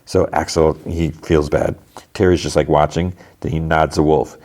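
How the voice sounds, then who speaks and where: A man with a very low voice runs through a show's fight scene beat by beat in a relaxed podcast recap. He talks loosely, full of fillers, and often stops to correct himself. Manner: loose, filler-heavy retelling with quick self-corrections. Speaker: podcast host. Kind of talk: casual play-by-play episode recap.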